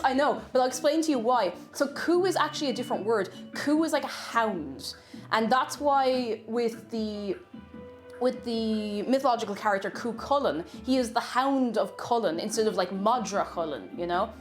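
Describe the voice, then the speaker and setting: Playful Irish woman streamer, high voice. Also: normal speed, soft background music. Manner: playful, bursts into high excited greetings to chat. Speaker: streamer teaching an Irish word of the day. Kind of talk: casual live-stream chat. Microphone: desk microphone.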